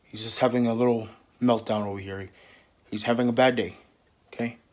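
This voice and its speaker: Guy doing improvised character voices for a game, stumbles and repeats words a lot, mid pitch. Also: fairly even intonation, fairly quick, darkish tone. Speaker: player voicing game characters. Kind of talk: improvised character role-play.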